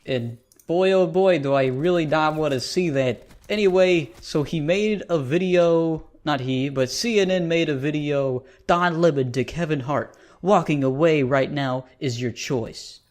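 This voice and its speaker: Man, sarcastic reaction commentary, ranting, slightly higher voice. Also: a little slow, few pauses. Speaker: YouTube commentator.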